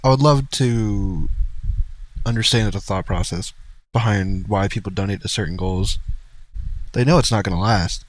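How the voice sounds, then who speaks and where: A man with a fairly low voice makes relaxed, dry comments while he reacts to clips on his stream. He sounds unbothered and conversational, speaking straight to his chat. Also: moderate pace, pauses often, no echo, low-quality recording. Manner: laid-back, dry asides.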